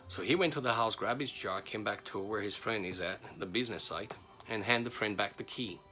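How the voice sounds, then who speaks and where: A man telling a folk tale in an animated way, shifting between loud and hushed. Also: lowish voice, a little fast, soft background music. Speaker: storyteller.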